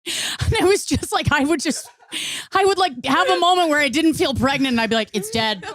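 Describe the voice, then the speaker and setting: A woman's voice: high-pitched, fairly quick, fairly bright tone, dry recording, studio quality. A woman guest on a podcast, talking candidly about family life with profane, self-mocking humor. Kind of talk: casual podcast conversation.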